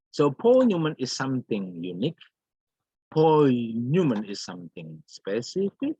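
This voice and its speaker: A man teaching an English grammar lesson, slow and repetitive, often calling out "everybody" and "yeah". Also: medium pitch, sing-song, dark tone, breathy edge, no echo. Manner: slow, repeats phrases, calls out "everybody" and "yeah". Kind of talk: recorded online grammar lesson. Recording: dull lo-fi recording.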